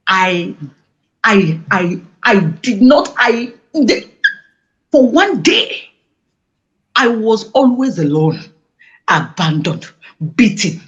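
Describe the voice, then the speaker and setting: A woman giving an emotional interview, speaking passionately and halting with many restarts. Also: medium pitch, big pitch swings. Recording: dull lo-fi audio.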